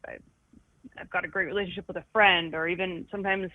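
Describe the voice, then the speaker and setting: A woman's voice: fairly low pitch, steady tone, quick pace, no room sound. A woman talking frankly and with self-mocking humour as a guest, often restarting her sentences. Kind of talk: candid conversation about anxiety. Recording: tinny phone-like line, dry.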